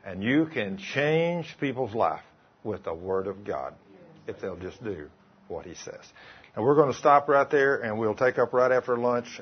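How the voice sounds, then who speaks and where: A man's voice: on the low side, lo-fi sound, slight background noise. A male preacher, delivering a sermon by retelling conversations line by line. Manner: retells dialogue, quoting both sides. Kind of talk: sermon with told stories.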